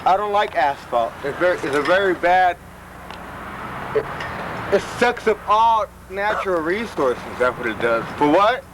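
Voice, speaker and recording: A man's voice: high-pitched, animated, unhurried, background noise. Breathless man rambling to camera outdoors. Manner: rambling, profane, loose, repeats himself. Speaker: host of a public-access TV show. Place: outdoors at a friend's house.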